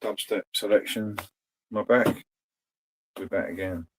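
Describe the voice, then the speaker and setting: A man's voice: lowish voice, steady tone, measured pace, slight background noise, rough recording. A man hosting a casual livestream, rambling dryly and talking to the chat. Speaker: host.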